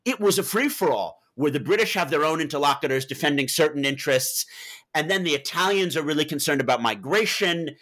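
Lively, bright-voiced man telling anecdotes. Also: on the high side, brisk. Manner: animated, anecdotal, digressive. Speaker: author being interviewed. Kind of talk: explaining and telling stories in an interview.

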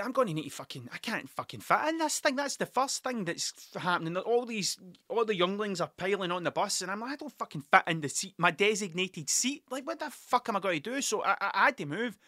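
Sweary, rambling man with bright voice. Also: sits high, dry recording, studio quality. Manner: sweary, rambling, self-mocking. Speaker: podcast host. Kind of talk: casual storytelling monologue. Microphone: desk mic.

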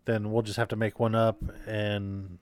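A man's voice: fairly low pitch, flat delivery, measured pace. A man co-hosting a casual podcast, joking and rambling with fillers and restarts. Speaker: podcast co-host.

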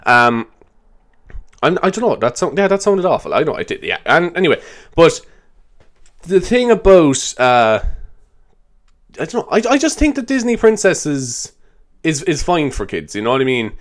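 A man's voice: a little high, sing-song, normal speed. A young man hosting a solo podcast, rambling loosely, swearing and laughing as he talks. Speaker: podcast host. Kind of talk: solo improvised podcast chat.

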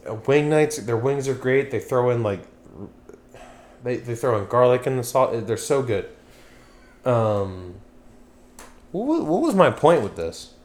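A man's voice: mid-range voice, sing-song, a little slow, pauses often, darkish tone. A young man from Pennsylvania hosting a podcast, chatting casually, rambling, swearing and losing his train of thought. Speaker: podcast host. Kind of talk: casual chat.

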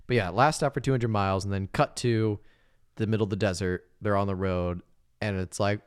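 A man co-hosting a casual movie recap, often acting out characters' lines in high exaggerated voices. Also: steady tone, fairly quick, clean tone. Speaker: podcast co-host.

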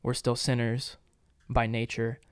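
Earnest man explaining scripture, smooth voice. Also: mid-range voice, completely flat delivery, a little slow, no room sound, studio quality. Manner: earnest, explanatory, with frequent fillers. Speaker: podcast co-host. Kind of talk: casual Bible discussion.

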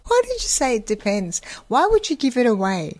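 A woman's voice: on the high side, wildly swooping pitch, a little fast, a little mellow, no echo. A woman co-hosting a podcast in casual chat, teasing her co-host and laughing often.

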